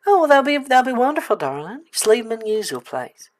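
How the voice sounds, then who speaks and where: A woman's voice: fairly high pitch, sing-song, fast talker, pitched above the performer's own voice. A woman voicing a flirty southern belle innkeeper with a put-on Southern drawl, sweet and calling people darling.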